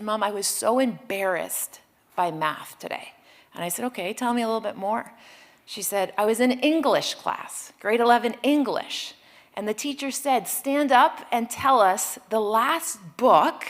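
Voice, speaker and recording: A woman in her forties giving a motivational keynote talk, conversational and animated, telling stories with quick asides and frequent "like" and "right?". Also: fairly high pitch. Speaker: keynote speaker.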